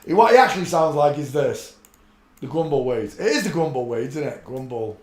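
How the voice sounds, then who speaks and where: A man's voice: medium pitch, very animated, brisk, a little mellow. A man hosting a casual live stream, rambling and muttering to himself as he searches for clips. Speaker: channel host. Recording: echoey room.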